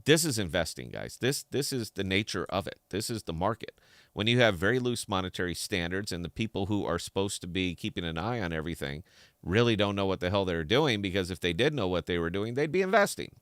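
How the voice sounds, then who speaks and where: A man's voice: fairly low pitch, lively intonation, brisk, no room sound, studio quality. A man hosting a podcast in an opinionated, heated solo rant, talking with a slight lisp and repeating words as he gets worked up. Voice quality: slight lisp from a dental hole. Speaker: podcast host.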